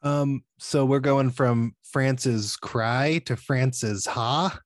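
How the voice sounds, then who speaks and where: A man's voice: mid-range voice, drawn-out words, dry recording. A man co-hosting a casual movie podcast, making joking asides. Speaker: podcast co-host.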